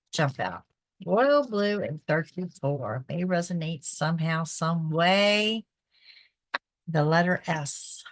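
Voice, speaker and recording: In a fairly low voice, a psychic reader and show host chats her way through a relaxed horoscope reading, often asking "okay?". Her throat is bothered by pollen, and the recording has no echo.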